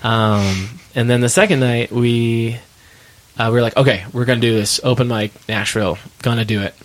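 A man telling tour stories in a casual interview, animated, with frequent restarts. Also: mid-range voice, normal speed. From Midwest United States. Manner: animated storyteller, many restarts. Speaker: touring musician guest.

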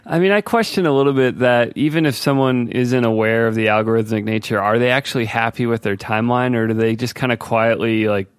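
Smooth-voiced man chatting casually. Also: mid-range voice, brisk, few pauses, no echo, clean studio sound. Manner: relaxed, laughs easily, mimics voices. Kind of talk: casual tech discussion.

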